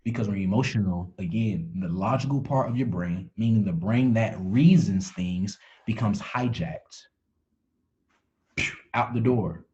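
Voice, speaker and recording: A man's voice: lowish voice, unhurried, warm tone, highs cut off. A man giving a motivational talk on a call, preachy, repeating phrases for emphasis and restarting words as he goes. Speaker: motivational speaker.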